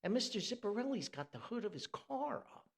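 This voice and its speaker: A man from New Jersey telling a funny story on a podcast, animated and chuckling, with rambling asides. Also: high-pitched, a little fast. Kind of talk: humorous storytelling.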